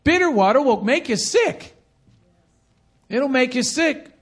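Animated high-voiced male preacher. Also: a little slow. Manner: animated preaching with call-and-response; repeats phrases for emphasis. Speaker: pastor. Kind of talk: sermon.

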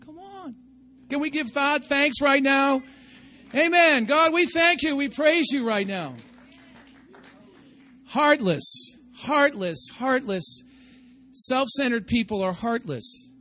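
A man preaching a sermon as pastor, talking to the congregation conversationally, asking for their responses and rising to shouts. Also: extremely high pitch, expressive, a little slow.

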